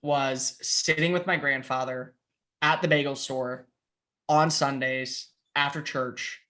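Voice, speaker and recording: Young man, podcast guest, excitable, playful, bright tone. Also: medium pitch. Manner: excitable, fast, with playful put-on voices and profanity. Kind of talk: casual chat.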